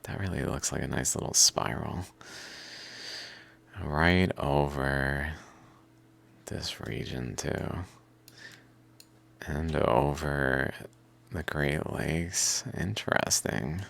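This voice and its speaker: A slow, gravelly, very deep-voiced man rambling. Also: a bit bright. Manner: rambling, swearing, laughs often. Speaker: vlogger. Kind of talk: rambling solo monologue.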